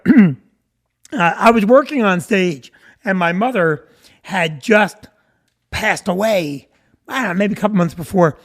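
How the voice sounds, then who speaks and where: Rambling New comedian on a live stream. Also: male voice, high voice, a bit bright. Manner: rambling, stops to greet viewers by name. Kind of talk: casual storytelling to viewers.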